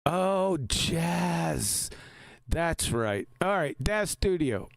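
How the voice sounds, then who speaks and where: A man's voice: on the high side, very animated, drawn-out words, gravelly, no echo. A man hosting a casual live stream, talking in an emphatic, argumentative way and laughing easily.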